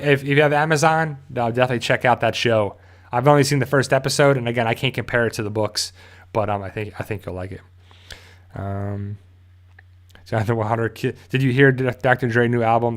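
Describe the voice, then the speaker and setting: A man hosting a live stream, reading viewer questions aloud and answering in a loose, rambling way full of fillers and restarts. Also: mid-range voice. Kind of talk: casual live stream chat.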